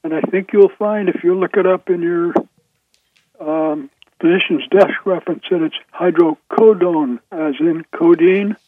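A man calls in to a radio program and politely sets the host straight, choosing his words with care. His voice sits high for a man. The sound is dull and muffled, as if it comes over a phone line. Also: steady tone, unhurried. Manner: polite, precise correction. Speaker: caller. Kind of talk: phone-in call.

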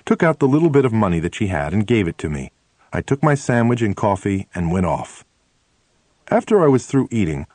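A man narrating a first-person memoir as an audiobook, telling the story in a lively, expressive way on a close mic. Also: fairly low pitch, slightly rough, no room sound.

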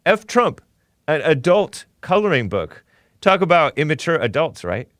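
A man's voice: fairly high pitch, sing-song, normal speed, fairly bright tone, no room sound. Guy hosting his own talk show, sarcastic commentary, laughs at stuff, dry studio sound. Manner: mocking, chuckles often while reading posts. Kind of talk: opinionated commentary.

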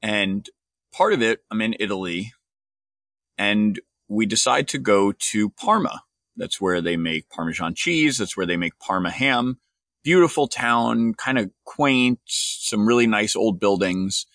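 A man's voice: lowish voice, animated, measured pace, a bit bright, dry recording, studio quality. A man hosting his own podcast, telling a wry story and then giving an earnest analysis in a solo monologue. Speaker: podcast host.

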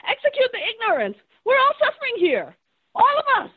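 Angry immigrant woman comedian cursing nonstop, really high voice swinging all over, tinny dry phone line. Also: wildly swooping pitch, brisk, dry recording. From born in a third-world country, immigrant to the US. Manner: angry, profane, shouting over the host. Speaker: guest comedian. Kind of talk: heated argument.

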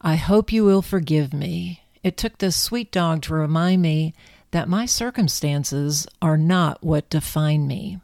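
A woman reading the lines of a proud older grandmother who speaks earnestly and softly. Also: low-pitched, measured pace, vocal fry, dry recording, clean studio sound. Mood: contrite.

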